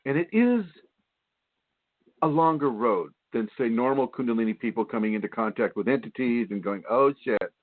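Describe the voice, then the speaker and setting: A man hosting a spiritual radio talk show, teaching in an animated way, mimicking whiny voices and laughing often. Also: mid-range voice, moderate pace, dry recording. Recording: tinny phone line, dry.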